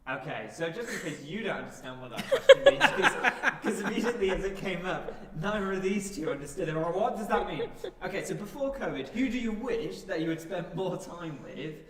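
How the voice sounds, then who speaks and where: Male co-host, mid pitch, chatty; off-mic in a reverberant hall. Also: sing-song, fairly quick, few pauses, crowd noise. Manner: chatty, laughs easily, rephrases as he goes. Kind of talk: live church chat show. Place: church hall. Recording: distant mic in echoey hall, faint ambience.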